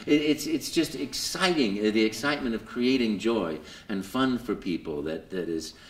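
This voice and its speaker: A man being interviewed at a convention, telling his story with lots of fillers and jumping into high put-on voices for quotes. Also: animated, normal speed, roomy sound. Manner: lots of fillers and repeated words. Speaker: voice actor guest. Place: convention hall.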